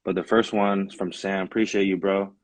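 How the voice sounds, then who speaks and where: A young man hosting a podcast, relaxed and steering the casual conversation. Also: low-pitched, moderate pace, no room sound. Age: young adult. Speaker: podcast host. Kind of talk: casual chat.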